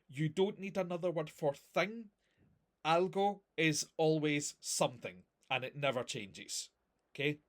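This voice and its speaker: A man teaching a recorded grammar lesson, explaining patiently with examples and checking understanding often. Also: on the high side. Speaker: language teacher.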